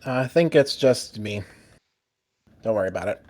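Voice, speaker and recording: A man voicing a calm, caring companion who gently reassures a friend in a tabletop role-play. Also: on the low side, normal speed, no room sound, lightly acted. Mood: reassuring.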